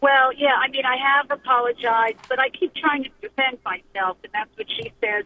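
A woman's voice: sits high, normal speed, hardly any pauses, bright, forceful tone. A woman calling into a radio show, pained and defending herself as she describes family conflict. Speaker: caller. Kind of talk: call-in advice conversation. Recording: tinny phone line.

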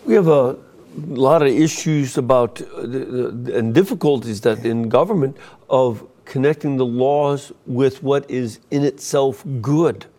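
A man hosts a talk show, reacting in animated bursts and interrupting to question his guest. His voice has a warm, mellow tone. He speaks at a medium pitch. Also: unhurried.

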